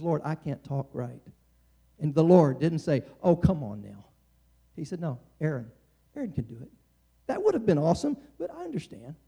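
Male preacher, middle-aged, high voice, dark tone, chatty sermon delivery with restarts. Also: gravelly, husky. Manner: conversational, frequent restarts and stammers.

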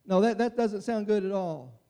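Preacher, male, high-pitched voice, impassioned sermon delivery that swings from hushed to near-shouting. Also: normal speed, smooth.

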